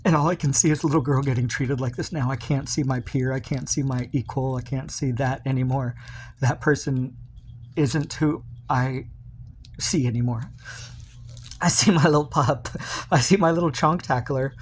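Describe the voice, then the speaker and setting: A man's voice: medium pitch, steady tone, moderate pace, a little hiss or hum. A man recording a personal video message to his partner, rambling and confessional, full of fillers and restarts.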